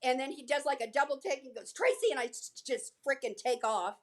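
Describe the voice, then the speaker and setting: An older woman telling a story as a guest in a casual interview, chatty and animated, acting out what people said. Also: sits high, fairly quick. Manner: chatty, animated, acts out quotes. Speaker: guest, former featured extra.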